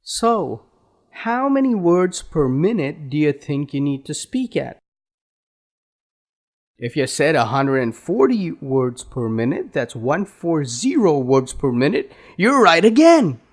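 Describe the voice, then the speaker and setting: Male accent trainer, unhurried instructional delivery, animated slightly high pitch. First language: Indian. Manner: slow, deliberate, drawn-out explanations. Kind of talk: instructional lesson.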